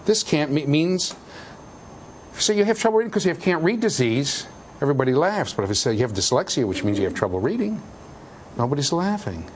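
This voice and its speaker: A man's voice: on the high side, fairly quick. A middle-aged man lecturing a university class, swinging his voice up and down with lots of life. He teases the students with jokes and raises his voice to drive points home. A faint hum of the lecture hall sits behind him. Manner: animated, jokey, shouts for emphasis.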